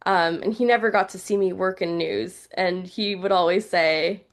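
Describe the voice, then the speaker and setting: A woman's voice: lowish voice, fairly even intonation, moderate pace. Chatty young woman on a podcast. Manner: chatty, heartfelt, many fillers like "like". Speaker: journalist and news reporter guest. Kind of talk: casual podcast conversation.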